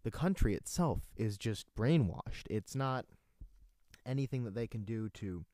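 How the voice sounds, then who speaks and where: A man's voice: mid-range voice, animated, unhurried, darkish tone, no echo, studio quality. A young man hosting his own livestream, chatting casually, rambling and reading out chat comments with self-deprecating asides. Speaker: livestream host.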